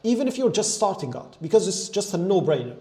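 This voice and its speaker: A man's voice: high voice, big pitch swings, fast, mellow. A young man coaching on business, talking energetically and emphatically, dropping "like" and "right?" all through. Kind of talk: motivational business talk to camera.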